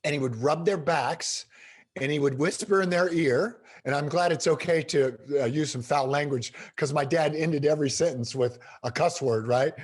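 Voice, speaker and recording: A middle-aged man telling stories as an interview guest, animated and emphatic. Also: a little high, moderate pace, slightly rough. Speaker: guest speaker. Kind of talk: storytelling in a podcast interview.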